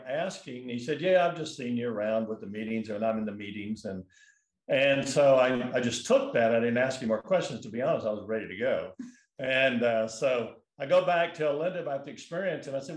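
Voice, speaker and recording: A man's voice: medium pitch, reverberant. A man telling a long personal story in a casual, rambling way, full of restarts and fillers. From California. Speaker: guest.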